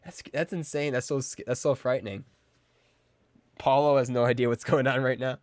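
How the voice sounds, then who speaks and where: A man livestreaming a video game, commenting casually and excitedly, joking and talking to his chat. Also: medium pitch, normal speed, dry recording, studio quality. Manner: excitable, jokey, talks to chat. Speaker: game streamer. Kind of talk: casual live gameplay commentary.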